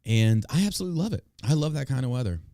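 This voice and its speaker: A man's voice: mid-range voice, lively intonation, rapid-fire, warm tone, dry recording. Guy hosting a podcast, plain mid voice, cracks crude jokes, dry room. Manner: blunt, crude, opinionated banter. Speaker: podcast host. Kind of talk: casual podcast chat.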